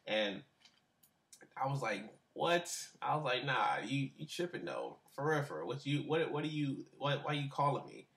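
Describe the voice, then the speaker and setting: A man's voice: medium pitch, fairly bright tone. A young man being interviewed on webcam, telling a story in a loose, slangy, rambling way with many fillers and restarts. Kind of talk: casual storytelling.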